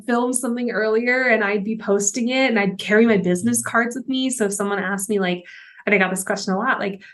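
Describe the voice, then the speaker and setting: A young adult woman with a mid-range, fairly bright voice hosts a podcast as a life coach. Her monologue is casual and candid, sprinkled with frequent laughs and swearing.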